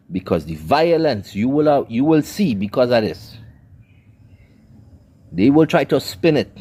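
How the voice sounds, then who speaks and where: Scolding man, swinging pitch. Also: warm tone. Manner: scolding, preacherly, lecturing. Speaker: commentator. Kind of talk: ranting commentary monologue.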